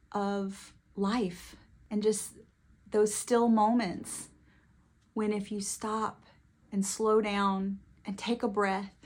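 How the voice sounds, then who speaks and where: Woman book vlogger, mid-pitch, effusive, quick bursts, tearful at times. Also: a little mellow. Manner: gushing, emotional, quick bursts. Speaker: book reviewer. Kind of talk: casual book talk to camera.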